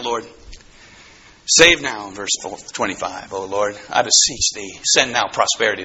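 A man preaching a sermon, swinging between soaring exclamations and hushed low asides. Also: slightly rough. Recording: slightly dull, faintly noisy recording.

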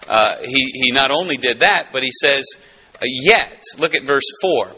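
A pastor teaching verse by verse from the Bible, going from emphatic to hushed. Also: male voice, mid-range voice, a little slow, slight background noise. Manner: animated, swings from emphatic to hushed. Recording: dull lo-fi recording.

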